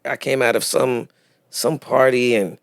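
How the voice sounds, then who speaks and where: A man, an actor guest telling animated stories in a casual interview chat. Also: mid-range voice, a little slow, vocal fry, no echo, clean studio sound. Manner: animated storyteller, acts out other voices with laughter.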